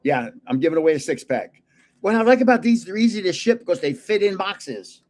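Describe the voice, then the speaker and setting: An older man talks casually to his livestream viewers, chuckling as he goes. His voice sits a bit high and swings widely in pitch. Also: sing-song, brisk, darkish tone. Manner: chatty, chuckling, greets viewers. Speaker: card-collecting livestream host. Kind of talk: casual livestream chat while opening cards.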